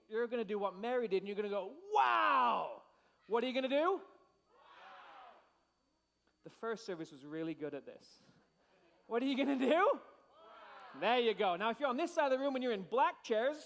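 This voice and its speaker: A man preaching as pastor, playful and rousing with a congregation in a large church. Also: high-pitched. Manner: playful, hyped crowd-rousing with shouted cues. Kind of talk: energetic sermon to a congregation. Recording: long hall reverb.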